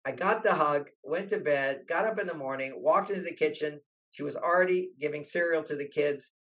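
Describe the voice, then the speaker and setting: A man's voice: fairly high pitch, brisk. An older man, a relationship author, telling stories in an interview and acting out the people he quotes. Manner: animated, acts out quoted voices. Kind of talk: storytelling interview talk.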